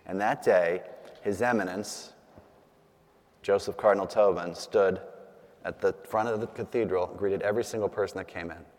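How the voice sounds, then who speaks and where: A man's voice: low-pitched, fairly even intonation, normal speed, a little mellow, big-room sound. A man, a priest, giving a conversational talk to a group, telling stories with asides and frequent fillers. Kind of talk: conversational public talk with storytelling.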